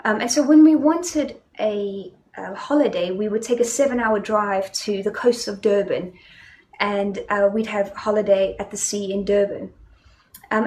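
South African woman preaching, gravelly voice. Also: medium pitch, a little mellow. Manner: conversational, storytelling, many fillers. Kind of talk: sermon.

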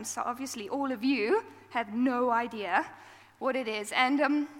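A woman's voice: high voice, fairly bright tone. A woman giving an informal talk at church, chatty and self-deprecating, acting out quoted lines as she goes. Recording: long hall reverb.

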